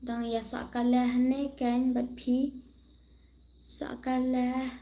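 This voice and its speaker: A woman hosting a casual livestream, chatting to viewers, switching between languages and often dropping into soft whispers. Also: sits high, little pitch movement, takes it slowly, vocal fry. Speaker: livestream host.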